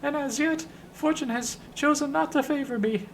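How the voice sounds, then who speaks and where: A man voicing an effeminate, heavy-set male messenger who speaks in a high falsetto with flowery, overly polite phrasing. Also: normal speed, slight background noise, poor audio. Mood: fawning.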